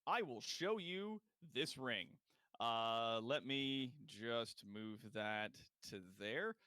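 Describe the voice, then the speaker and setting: A man's voice: mid-range voice, expressive, drawn-out words, pushed and bright, clear, resonant tone, no room sound. A man narrating a tabletop game as game master, rambling with many fillers.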